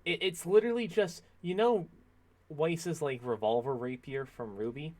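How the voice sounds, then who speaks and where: A man chatting while playing a game, laid-back and joking, often quiet. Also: on the high side, moderate pace. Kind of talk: casual chat while gaming.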